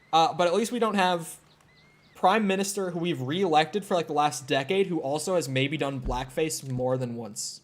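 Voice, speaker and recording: A young man from Minnesota with a light Minnesota accent talks over his gameplay in a loose, rambling way. His voice sits a little high for a man, and he peppers his speech with fillers and casual swearing. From Minnesota, United States. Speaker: gaming streamer.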